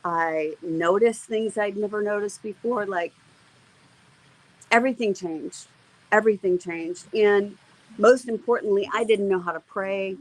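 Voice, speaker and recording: A woman's voice: mid-range voice, a little slow, a little mellow, low-quality recording. A middle-aged woman, an interview guest, telling a personal faith testimony in an earnest, emotional way, with many fillers and restarts.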